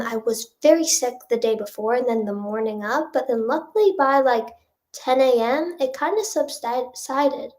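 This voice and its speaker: A woman's voice: fairly high pitch, a little mellow. A young woman with a nasal voice, a singer-songwriter answering chat questions in a casual livestream, rambling with lots of fillers. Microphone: phone or webcam livestream.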